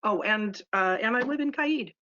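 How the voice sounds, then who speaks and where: A woman's voice: mid-range voice, animated, normal speed, sharp tone. A woman, a magazine editor, introducing herself in a flustered, apologetic way in an online meeting. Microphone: video call. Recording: dull lo-fi webinar audio.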